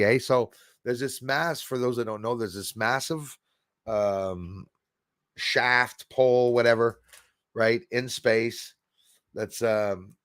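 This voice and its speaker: A man's voice: mid-range voice, slow, fairly bright tone, clear, resonant tone, no room sound. Chatty man, dry close sound. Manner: rambling and chatty, with frequent laughs and fillers. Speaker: livestream host. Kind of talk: casual livestream chat reading viewer comments.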